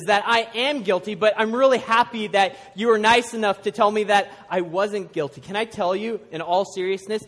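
A middle-aged man from the United States preaching a sermon to a church congregation, animated, swinging from loud emphasis to hushed intensity. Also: high-pitched. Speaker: pastor. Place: church sanctuary. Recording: long hall reverb.

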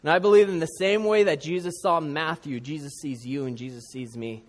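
A man preaching a sermon, praying earnestly and then telling a story with animated, earnest delivery. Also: fairly high pitch, a little fast, long reverb tail. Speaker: pastor.

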